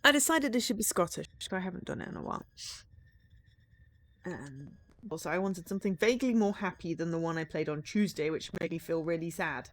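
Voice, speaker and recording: A woman's voice: lowish voice, expressive, a little fast. A woman streaming a game, chatting casually and thinking aloud, sometimes dropping to near-whispers. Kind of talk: casual let's-play commentary.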